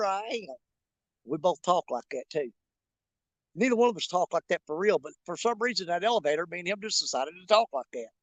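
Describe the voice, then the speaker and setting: Folksy high-voiced angler. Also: male voice, fairly bright tone, no room sound, poor audio. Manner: folksy, rambling storyteller. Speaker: fishing channel host. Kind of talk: casual vlog talk while bank fishing. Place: outdoors on a riverbank.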